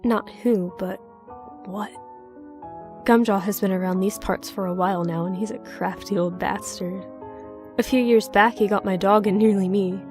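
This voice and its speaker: A woman's voice: medium pitch, fairly even intonation, moderate pace, darkish tone, faint music behind, close to an everyday voice. A woman voicing an older southern man, a recluse who speaks with a Southern accent in a stern, curt, ominous way. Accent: American Southern.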